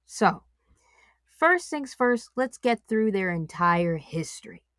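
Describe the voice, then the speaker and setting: A woman hosting a casual anime analysis podcast, joking and animated, swinging from loud exclamations to low muttered asides. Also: takes it slowly, no room sound, studio quality. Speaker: podcast host.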